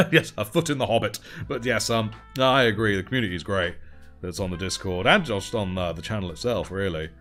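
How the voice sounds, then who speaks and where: A man's voice: on the low side, expressive, fairly quick, fairly bright tone, soft background music. A man hosting a casual livestream, chatting and thanking viewers while he paints miniatures. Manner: chatty, reads out and thanks chat while painting, laughs often. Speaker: livestream host.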